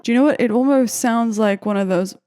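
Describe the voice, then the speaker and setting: A woman's voice: fairly high pitch, fairly quick, warm tone, faint music behind. A young woman chatting and giggling as she makes a beat in her home studio, talking to herself and to viewers. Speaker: beatmaker making a track on camera. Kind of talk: casual chat while making music.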